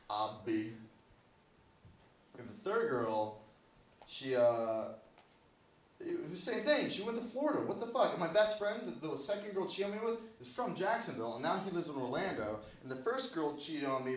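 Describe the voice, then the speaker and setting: A man doing stand-up in a small club, his lively voice swinging up and down as he rambles through self-deprecating, foul-mouthed bits. He is picked up from a distance, so the room echoes around him with a faint hiss behind. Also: a little high. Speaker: stand-up comedian. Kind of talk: open-mic stand-up set. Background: audience laughter.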